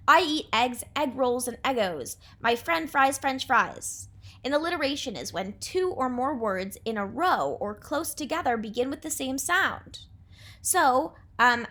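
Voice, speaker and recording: A young woman teaching a class, with a high, bright voice. She speaks clearly and patiently, with a warm, encouraging delivery suited to young students. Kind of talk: remote class lesson.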